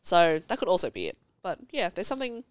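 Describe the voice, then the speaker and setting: A woman's voice: on the low side, sing-song, fast, smooth, dry recording. A woman in her thirties, a podcast guest chatting casually and telling stories with laughter and expression. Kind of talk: casual chat.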